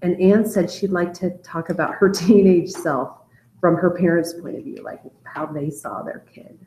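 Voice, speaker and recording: A woman's voice: fairly low pitch, moderate pace, darkish tone, reverberant, a little hiss or hum, low-quality recording. A woman teacher leading a casual storytelling class discussion, talking in a conversational, hesitant way with many fillers.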